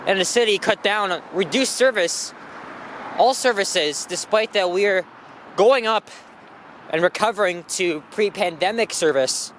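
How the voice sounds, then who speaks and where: Walking along a busy street, a vlogger with a notably high-pitched voice rambles animatedly at a measured pace, full of fillers and restarted sentences. He speaks into a handheld camera mic while steady traffic and passing buses rumble loudly behind him.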